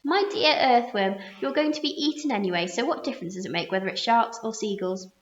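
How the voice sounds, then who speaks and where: A woman's voice: a little high, natural voice. A woman voicing a rude, impatient male centipede who jeers at the others in a storybook reading. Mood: jeering. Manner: jeering, hurried. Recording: roomy muffled recording.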